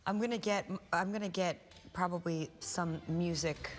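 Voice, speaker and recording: Woman guest, breezy and quick, lowish voice, echoey. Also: music in the background. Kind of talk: casual chat. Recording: reverberant studio hall.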